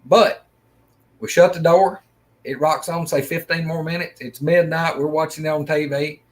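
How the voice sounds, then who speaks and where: Guy middle-aged, kinda high voice, rambling along telling his story, does little voices for quotes. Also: steady tone, moderate pace. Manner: folksy, rambling, acts out quoted lines. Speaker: storyteller of a personal encounter. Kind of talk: casual first-person storytelling.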